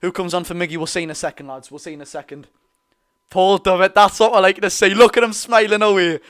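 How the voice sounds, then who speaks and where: Young male Geordie fan streamer, high-pitched, swings from chatty play-by-play to shouting. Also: quick pace. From North East England. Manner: excitable, loud celebrating, swearing; partisan play-by-play with repeated phrases. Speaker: fan watch-along streamer. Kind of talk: live fan commentary.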